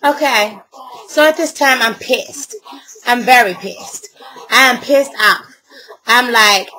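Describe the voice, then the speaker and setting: A woman's voice: a little high, slow, long pauses, pushed and bright, low-quality recording. A middle-aged woman ranting to camera, heated and blunt, with a lot of swearing. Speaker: vlogger.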